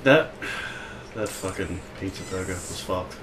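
A man's voice: low voice, unhurried, far from the mic. Young australian man, casual gaming chat, rambling, sweary, echoey room, set back from the mic, faint hiss. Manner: rambling, swears often, lots of "like". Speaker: let's play co-host.

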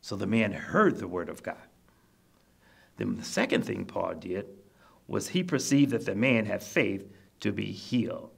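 A man's voice: on the low side, very animated, a little slow, gravelly, a bit bright, slightly rough. A man preaching a sermon to nursing home residents, explaining scripture plainly and repeating his points to encourage them. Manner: repetitive, exhorting, explains scripture in plain terms. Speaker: minister.

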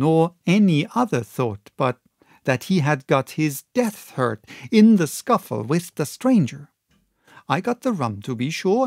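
A man reads a classic adventure novel aloud in a measured, expressive storytelling manner. He takes an unhurried pace and sits a little higher in pitch than most men. The recording is close and dry, with no room sound. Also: no room sound. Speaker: audiobook narrator. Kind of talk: audiobook reading of a classic novel.

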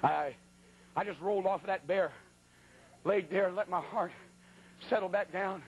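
A man preaching a sermon as a colloquial, animated story, acting out sounds and voices. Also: high-pitched, moderate pace, muffled recording, a little hiss or hum.

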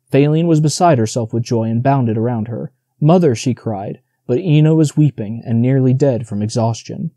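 In a steady, measured reading, a man with a medium-pitched voice narrates an audiobook, captured with a dry, clean studio sound.

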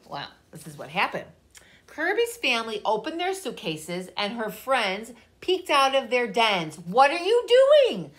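A woman's voice: fairly high pitch, a little slow. A woman reading a children's story aloud and talking directly to the children listening. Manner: animated, talks directly to children.

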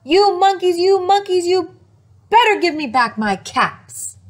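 A woman's voice: very high voice, big pitch swings, a little slow, pitched above the performer's own voice, heavily acted. A woman voicing an angry male peddler who scolds in a storybook read-aloud. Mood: scolding. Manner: finger-wagging, scolding repetition.

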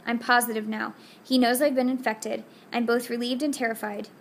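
A woman narrates a first-person novel with earnest, intimate delivery. Her voice sits slightly high, and a faint hiss lies under the recording. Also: flat delivery, normal speed. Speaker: audiobook narrator.

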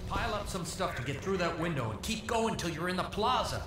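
A man's voice: high-pitched, very animated, brisk, over music. An actor playing a friendly undercover male security guard in a video game, who gives urgent, friendly instructions.

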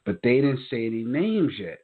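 Husky-voiced New man over a phone line. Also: mid-range voice, moderate pace. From New York. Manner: animated, profane, acts out quoted voices. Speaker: podcast co-host. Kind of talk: casual storytelling chat.

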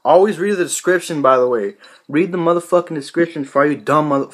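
A man's voice: a little high, quick pace, husky. A young man in his late teens talking casually to camera in a rambling, profane way, full of "you know" fillers. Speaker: vlogger. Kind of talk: casual rambling vlog talk.

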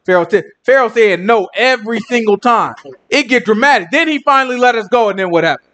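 A man's voice: high voice, expressive, a little fast, fairly bright tone. A male preacher telling a Bible story in a casual, dramatic, conversational sermon.

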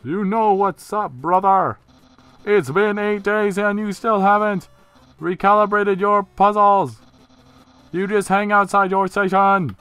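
A man doing a loud, excitable skeleton. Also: high voice, slow pace, clear, resonant tone, dry recording, voice pushed up. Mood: boisterous.

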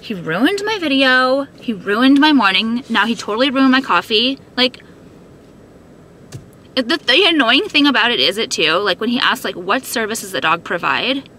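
Filming herself on a handheld phone, a woman vents to camera, upset and swearing a lot, with "like" peppered throughout. Her voice is fairly high, expressive, bright, and forceful at a moderate pace, with a little hiss or hum in the recording.

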